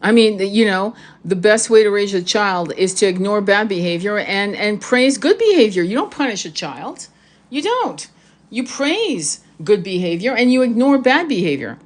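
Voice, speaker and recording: A woman's voice: medium pitch, very animated, moderate pace. A woman giving a casual monologue to her viewers as a spiritual reader, talking passionately and bluntly, swearing freely and repeating key phrases for emphasis.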